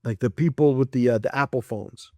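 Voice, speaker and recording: A man's voice: mid-range voice, fairly quick, mellow, dry recording, studio quality. A man speaking as a podcast guest in a casual chat, blunt and profane, laughing between points and acting out people he quotes.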